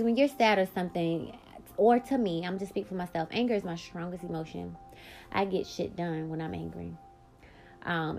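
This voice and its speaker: A woman's voice: on the low side, gravelly, a little mellow. A woman hosting her own podcast, telling a personal story bluntly, with frequent swearing and emphatic bursts. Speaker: podcast host.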